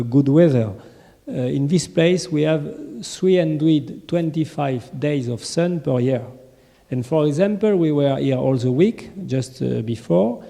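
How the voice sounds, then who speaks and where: A man with a French accent who talks in a halting way, with many pauses and fillers, in a conversational business chat. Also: mid-range voice, creaky, warm tone. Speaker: distributor being interviewed. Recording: long hall reverb.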